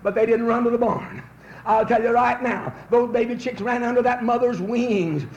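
A man preaching a revival sermon, telling folksy stories that build into fervent shouts. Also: very high voice, steady tone, normal speed. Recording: roomy, dull old recording with faint hiss.

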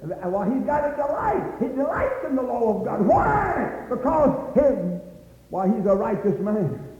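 A man preaching a fervent revival sermon, crying out praise, repeating "my dear friend," and rising into shouts. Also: sits high, lively intonation. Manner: rises into shouts and slows for emphasis. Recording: dull, echoey hall recording.

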